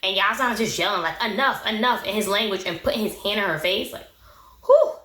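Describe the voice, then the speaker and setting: A woman's voice: medium pitch, fast talker, a bit bright. A woman giving a casual, opinionated recap of a reality show. She talks back at the people on screen with sass. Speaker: recap vlogger. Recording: roomy echo.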